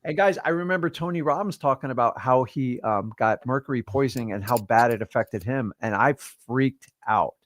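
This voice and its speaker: A man's voice: medium pitch, moderate pace, few pauses. A man in his fifties hosting a livestream, giving casual motivational talk and addressing listeners directly in a preachy way. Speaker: livestream host.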